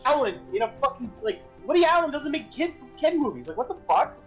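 A man's voice: very high-pitched, big pitch swings, fairly quick, faint music behind, rough recording. A young man streaming a game in casual chat, swearing a lot and rambling with repeated restarts. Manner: profane, rambling, repeats himself. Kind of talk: casual chat while gaming.

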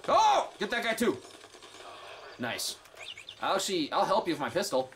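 Excitable profane man narrating his gameplay. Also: sits high, moderate pace, a little hiss or hum. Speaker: gameplay streamer. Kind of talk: let's play commentary.

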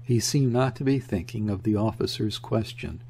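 A man reading a classic novel aloud in a measured, even storytelling manner. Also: on the low side, a little hiss or hum. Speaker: audiobook reader. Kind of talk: audiobook narration of a classic novel.

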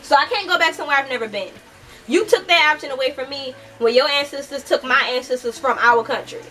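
A woman's voice: sits high, fast, pushed and bright, distant mic, soft background music, poor audio. A young woman from the United States giving a heated, casual book review, swearing often and talking animatedly.

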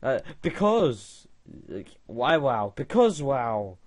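A man's voice: medium pitch, lively intonation, extremely slow. A young man giving casual gaming commentary, mocking and laughing at a chatbot. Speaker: gaming video creator.

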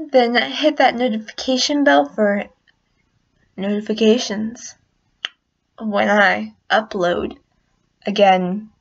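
A woman vlogger chatting casually and making self-deprecating asides, recorded at night in a dim room on a dull lo-fi recording. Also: mid-range voice. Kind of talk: casual vlog.

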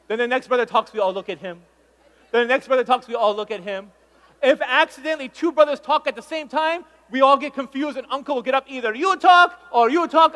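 With an extremely high pitch and a fairly bright tone, a man teases a conference audience during stand-up, mimicking their reactions in a playful way. The big hall, filled with a live crowd, leaves a long reverb on the recording.

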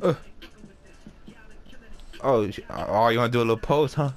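A man giving casual, excitable commentary while playing a basketball video game, swearing and trash-talking. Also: mid-range voice, moderate pace, soft background music. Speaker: gameplay commentator.

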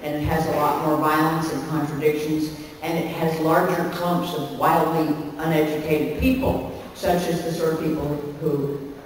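A woman's voice: deep voice, flat delivery, moderate pace. A woman in her sixties from Canada, talking candidly and chattily, with frequent laughter running through her answers. She is picked up from far across a big hall, so her voice sounds distant and swims in heavy reverb, with a faint hiss underneath. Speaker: convention panel guest, actress. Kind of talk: candid Q&A on a convention stage. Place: large convention hall stage.

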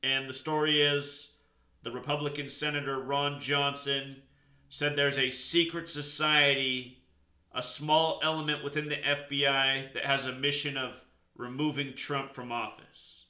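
A man's voice: mid-range voice, flat delivery, unhurried, bright, forceful tone, echoey room. A man hosting his own channel, lecturing in an insistent, emphatic monologue. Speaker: channel host. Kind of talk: explanatory monologue.

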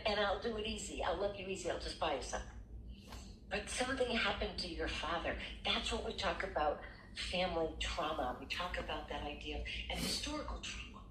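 An older woman speaks in a lowish, steady voice, affirming and reassuring as she counsels. She sounds distant and echoey. A faint noise sits underneath. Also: moderate pace. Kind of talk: supportive counseling talk.

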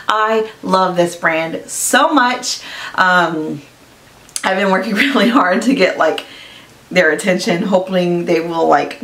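Woman, beauty vlogger, casual unboxing chat, gushing, excitable, slow, echoey room, set back from the mic. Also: medium pitch, far from the mic. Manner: gushing, excitable, fillers like "like" and "you guys".

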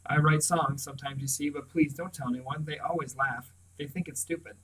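A man's voice: fairly high pitch, fairly even intonation, a little fast, a bit bright, husky. Earnest young schoolboy read by a man, playing dumb, storybook, distant mic. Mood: innocent. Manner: earnest, plays the fool. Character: quick-witted English schoolboy playing innocent.

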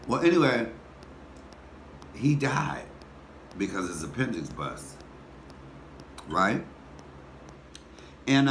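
Low-voiced man telling a story, echoey room. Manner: animated, folksy, talks to viewers as y'all. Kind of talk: casual storytelling mukbang. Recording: echoey room with faint background noise.

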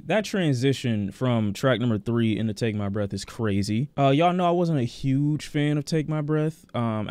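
A man casually reviewing an album, talking in an excited and blunt way, swearing freely and repeating words as he thinks aloud. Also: mid-range voice, no room sound. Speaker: music reviewer reacting to an album. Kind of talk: casual reaction commentary.

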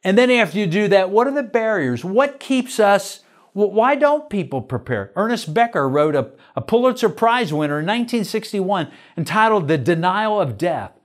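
A man's voice: high-pitched, expressive, normal speed. An older man, a pastor, teaching a church lesson in an earnest way, asking many questions.

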